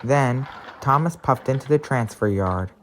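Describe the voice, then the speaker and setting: A man's voice: mid-range voice, measured pace, a little hiss or hum. Man narrating a fan story. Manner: plain, steady storytelling.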